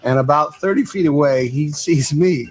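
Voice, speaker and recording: A man's voice: fairly high pitch, normal speed. A veteran man in casual storytelling, easygoing and amused as he tells an anecdote. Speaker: veteran guest.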